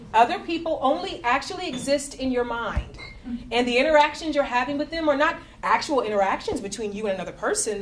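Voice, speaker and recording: A woman reading an essay aloud to a live audience, earnest and warmly amused. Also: sits high, a little hiss or hum. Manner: earnest, breaks into laughter. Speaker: guest reader at a live book reading. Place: stage before a live audience.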